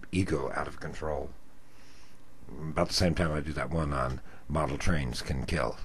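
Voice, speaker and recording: An older man, a former radio talk host, telling a story in an animated, self-mocking way. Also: extremely low pitch, husky. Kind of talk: storytelling monologue.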